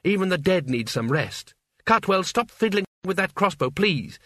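A man's voice: sits high, sing-song, normal speed, a bit bright, dry recording, pitched above the performer's own voice, full character voice. A man voicing a proud, dry-witted young princess who speaks in a prim, pointed way.

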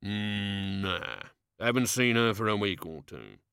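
Gruff, muttering doorman, put on by a male reader. Low and dry, rule-quoting. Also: expressive, takes it slowly, bright, forceful tone, dry recording, heavily acted. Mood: grumbling. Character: grumpy working-class male bar doorman.

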